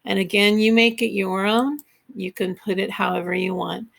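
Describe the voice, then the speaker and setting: A woman teacher records a computer screen tutorial for her students. Her voice sits at a middle pitch with a strong gravelly fry. She explains each step patiently and plainly. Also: fairly even intonation, moderate pace.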